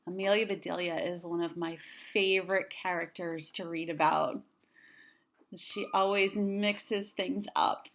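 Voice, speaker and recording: A woman reading a children's storybook aloud, with gentle, chatty asides to young listeners. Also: on the low side, steady tone, a little slow, creaky. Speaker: storybook reader.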